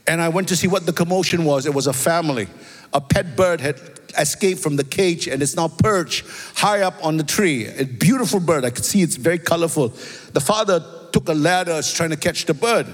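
Singaporean pastor guy, kinda high voice, animated storytelling sermon, big echoey hall. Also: a little fast. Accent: Singaporean English. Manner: storytelling, animated, repeats phrases, asks "amen?" and "right?". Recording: long reverb of a large hall.

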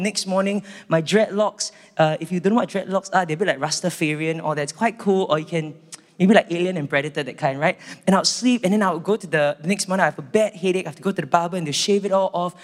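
Earnest Singaporean preacher, high voice. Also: male voice. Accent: Singaporean English. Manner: earnest, storytelling, emphatic. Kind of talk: sermon. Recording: echoey church hall reverb.

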